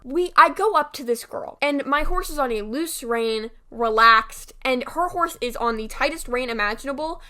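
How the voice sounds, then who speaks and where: A teenage girl ranting through a storytime vlog. Her voice sits a little high and sounds very bright and forceful. She swears freely and scatters "like" between her words. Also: normal speed, few pauses. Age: teens. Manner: heated, swearing, lots of "like" fillers. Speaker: storytime vlogger. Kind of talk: casual storytime rant.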